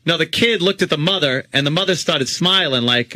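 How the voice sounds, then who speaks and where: A man's voice: a little high, bright, forceful tone, no room sound. A man co-hosting a radio show, riffing in crude, mocking banter and slipping into joke voices. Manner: mocking, quick to riff and do voices.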